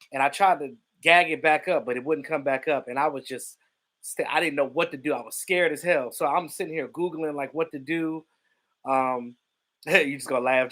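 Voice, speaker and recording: A man hosting a casual livestream, greeting viewers by name and telling stories in an animated way. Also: on the high side. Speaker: livestream host.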